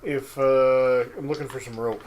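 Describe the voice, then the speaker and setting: A man's voice: mid-range voice, steady tone, normal speed, noisy background. A man playing a tabletop game, giving short casual replies. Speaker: player.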